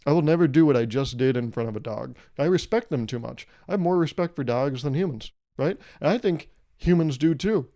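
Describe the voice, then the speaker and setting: A young man hosting a solo comedic podcast, rambling and irreverent, swearing freely and breaking into loud mock voices when he quotes people. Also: fairly high pitch, expressive, brisk, hardly any pauses. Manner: profane. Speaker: podcast host.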